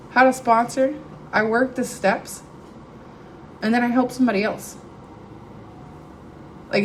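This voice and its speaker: A woman's voice: mid-range voice, gravelly, a little hiss or hum, poor audio. A middle-aged woman, speaking candidly and emotionally as she shares her testimony at a recovery meeting. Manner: candid, conversational, emotional storytelling. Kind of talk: personal testimony to a live audience. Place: meeting room with audience.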